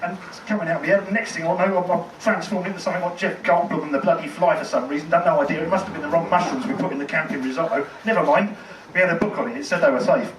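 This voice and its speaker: A man's voice: a little high, steady tone, rapid-fire. A man doing a rambling, conversational stand-up set, with a lot of swearing, in a tent in a car park. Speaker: stand-up comedian. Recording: echoey tent, distant mic, noisy.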